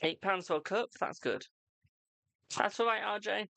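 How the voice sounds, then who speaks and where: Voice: mid-range voice, normal speed, creaky, bright, forceful tone, no room sound. A tarot reader hosting a casual livestream, chatty and informal, talking straight to the viewers while sounding tired. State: tired, yawning.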